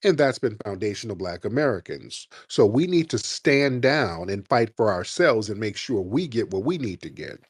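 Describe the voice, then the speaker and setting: A man hosting a live call-in show, lecturing a caller forcefully and slowing down to stress his points. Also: on the low side, big pitch swings, slightly rough, dry recording, clean studio sound. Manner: forceful, lecturing, slows for emphasis. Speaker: show host. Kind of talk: heated live call-in debate.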